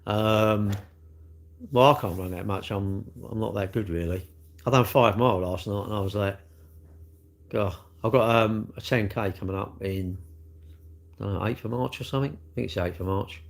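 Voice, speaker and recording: A man's voice: on the low side, normal speed, vocal fry. A middle-aged man, chatting casually on a live stream and teasing viewers about their comments. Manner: jokey, teasing banter with chat.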